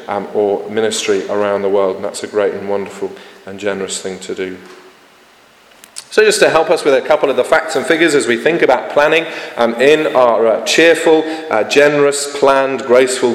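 A man preaching from the front of a church, speaking in an earnest, conversational way that is full of fillers and restarts. His voice sits at an ordinary middle pitch. It rings with a long, roomy reverb through the hall. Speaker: vicar. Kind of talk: sermon.

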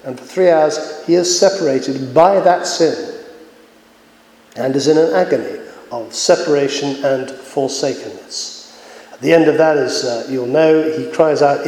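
Earnest preacher in an echoey hall. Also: male voice, on the high side, darkish tone. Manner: earnest, measured, frequent filler pauses. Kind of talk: sermon. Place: church. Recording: echoey church hall with long reverb.

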